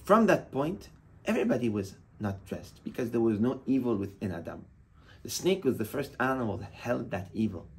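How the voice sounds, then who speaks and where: A man's voice: medium pitch, very animated, moderate pace, breathy edge. A man giving a sermon as a rabbi, impassioned and emphatic, weaving Hebrew terms into his teaching.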